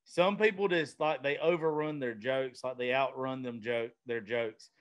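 A man's voice: medium pitch, moderate pace. A man with a Southern US accent hosting a podcast in a studio, talking bluntly and casually and swearing freely. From Southern United States. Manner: profane, blunt, rambling. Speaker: podcast host. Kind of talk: casual chat. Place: vintage-themed studio.

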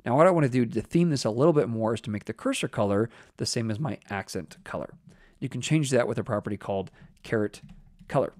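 Man, low voice, dry close mic, casual coding tutor thinking aloud as he types. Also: no echo. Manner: relaxed, thinking aloud with fillers while typing code. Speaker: web development instructor. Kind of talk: screen-recorded coding tutorial.

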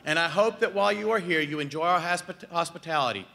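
A man acting a courtly 1830s Texan gentleman, speaking in a genial, hospitable period manner. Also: fairly high pitch, quick pace, gravelly. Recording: long hall reverb.

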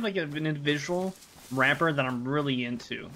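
A man's voice: a little high, very animated, fast, sharp tone, a little hiss or hum. A man from the United States, a game streamer chatting casually with his live chat while he plays, joking and rambling.

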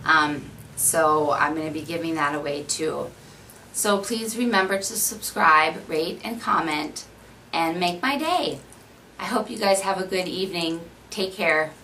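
Low-voiced woman vlogger with a Minnesota accent, rambling casual chat, faint background hiss. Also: measured pace, sharp tone, distant mic, rough recording. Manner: chatty, rambling, many fillers. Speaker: beauty vlogger.

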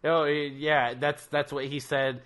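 A man's voice: on the high side, flat delivery, slow, a crowd in the background. A man narrating as game master of a tabletop game, rambling and joking crudely between laughs.

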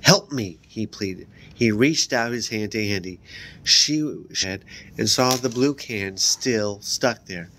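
A man reading a children's horror book aloud, raising his voice higher and louder for the characters' lines and dropping low for the narration tags. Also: slow pace, slight background noise. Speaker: book reader.

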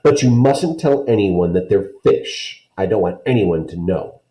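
A man voicing a stubborn, sulky little girl in a storybook reading, with loud, shrill outbursts. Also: lively intonation, a little slow, roomy sound, poor audio. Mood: petulant.

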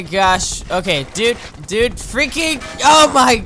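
A gamer host giving let's play commentary, excitable, yelping and laughing at deaths and talking to the characters on screen. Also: medium pitch, normal speed, faint music behind. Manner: playful, talks to the game characters. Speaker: gaming channel host.

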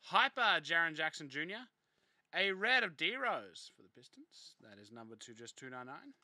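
A young man running a live card break stream, rattling through player names between bits of casual chat. His voice is very bright and ringing and sits a touch high, and the recording is close and dry with almost no room sound. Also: sing-song, moderate pace, no echo. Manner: rattles off player names while chatting with viewers.

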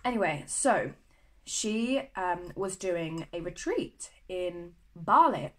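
A woman's voice: fairly low pitch, sing-song, slow, fairly bright tone, rough recording. Gushing, chatty young woman vlogger. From United Kingdom. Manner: gushing, chatty, lots of fillers. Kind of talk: casual chat to camera.

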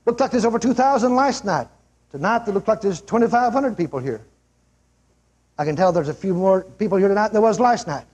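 An older preacher delivers a revival sermon to a large church crowd, his voice pitched very high and husky. He swings his pitch all over, breaking into shouts as he acts out the stories he tells. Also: lively intonation, brisk. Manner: emphatic, shouts out quotes, acts out a healed man's yells.

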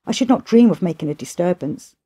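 Lady voicing a cheeky monkey pupil, earnest and humble, mellow warm voice. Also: fairly low pitch, lively intonation, fairly quick, husky.

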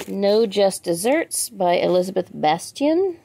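A woman's voice: mid-range voice, very animated, measured pace, creaky, dark tone. A woman, chatting casually as she unboxes books, reading out titles and asking viewers for pronunciation help. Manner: reads titles aloud, chatty asides to viewers. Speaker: book vlogger. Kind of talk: casual book unboxing chat.

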